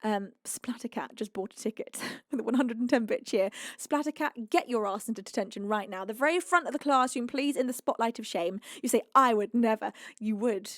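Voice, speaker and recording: A woman's voice: fairly high pitch, brisk, no echo, studio quality. A woman from the UK hosting a live stream. She thanks viewers and teasingly scolds them in a bubbly, mock-stern way. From United Kingdom. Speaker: singer and live-stream host.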